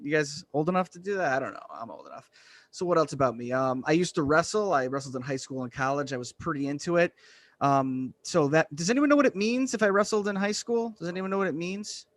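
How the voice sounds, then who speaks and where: A man from Western Massachusetts doing a deadpan, self-deprecating stand-up set over a video call. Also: fairly high pitch, fast, no room sound. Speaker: stand-up comedian.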